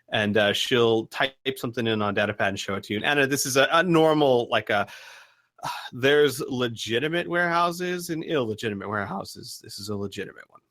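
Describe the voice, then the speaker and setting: A man's voice: medium pitch, fairly quick, fairly bright tone. A man narrating a tabletop game as game master, with a hesitant, filler-heavy delivery.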